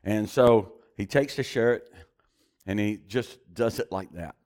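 A preacher telling a story in a sermon, animated and often chuckling as he goes. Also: fairly low pitch, takes it slowly.

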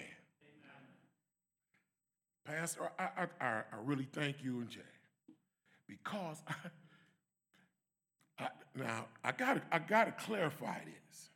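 A man giving an emphatic church testimony and prayer, swinging from shouts to soft prayer. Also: a little high, big pitch swings, unhurried, creaky, long pauses.

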